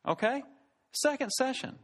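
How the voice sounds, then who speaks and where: A man's voice: very high voice, animated, moderate pace, fairly bright tone, slight background noise. A man preaching a sermon, telling a self-deprecating story and joking as he goes. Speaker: pastor.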